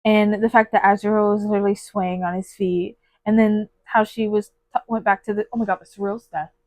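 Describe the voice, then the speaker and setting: A woman's voice: mid-range voice, level tone, brisk, a little mellow, no room sound. A woman giving a casual, gushing book review on her phone, full of fillers and emotional asides. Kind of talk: casual spoiler book review with read-aloud passages.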